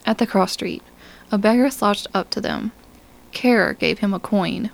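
A woman narrating a science fiction story in a calm, measured audiobook style. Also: mid-range voice, gravelly, low-quality recording.

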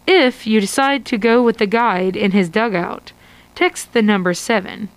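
A woman's voice: mid-range voice, a little slow, clear, resonant tone, rough recording. A woman narrating an interactive adventure story for radio, reading steadily. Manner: steady read-aloud storytelling.

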